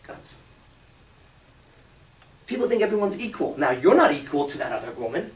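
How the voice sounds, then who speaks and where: A man's voice: medium pitch, big pitch swings, fairly quick, pauses often, recorded from a distance. A man giving a live seminar talk to an audience, blunt and emphatic, swearing freely. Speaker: seminar speaker. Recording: roomy hall, speaker off-mic.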